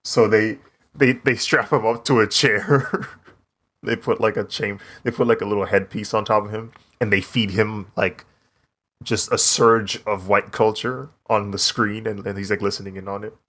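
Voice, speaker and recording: A young man from the US chatting casually while drawing on a live stream, laid-back and quick to laugh. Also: on the low side, fairly even intonation, a bit bright. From United States. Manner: laid-back, laughs often, says "bro". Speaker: streaming artist.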